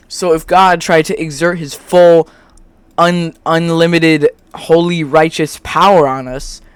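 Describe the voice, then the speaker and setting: Sex: male. Role: video creator. Style: reads a script he wrote while drawing. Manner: rambling, restarts often. Pace: slow. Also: on the high side, smooth, dry recording. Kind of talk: scripted argument over screen drawing.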